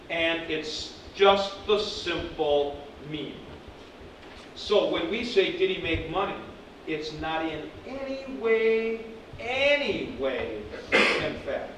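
A man teaching a class, lively, acting out example sentences as he explains. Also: high voice, slight background noise. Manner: animated, acts out example sentences. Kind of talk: classroom lecture. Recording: echoey room from far off.

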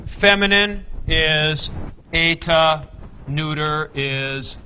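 A man's voice: on the high side, drawn-out words, pushed and bright, lo-fi sound, a little hiss or hum. A man teaching a classroom lecture, explaining patiently, reciting forms and correcting himself aloud. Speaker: Greek teacher.

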